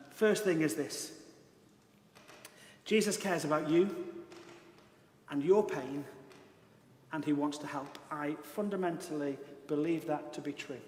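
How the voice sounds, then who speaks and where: A man's voice: a little high, darkish tone. A British man preaching a sermon as pastor, telling a story in an earnest, emphatic way. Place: large church hall. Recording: echoey church hall.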